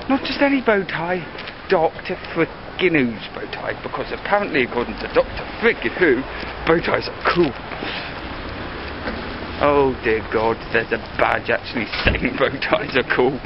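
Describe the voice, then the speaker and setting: A man vlogging in a casual, jokey way, swinging from mumbled asides to loud excited bursts, on dull lo-fi camera audio with faint hiss. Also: on the high side. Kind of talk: casual vlog.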